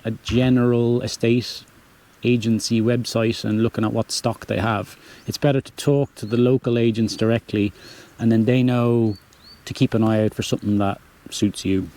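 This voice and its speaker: A man's voice: medium pitch, fairly even intonation, moderate pace, dark tone. A young man from Dublin with an Irish accent, casually answering viewer questions in an easygoing, rambling way and often correcting himself. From Ireland. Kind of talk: casual chat.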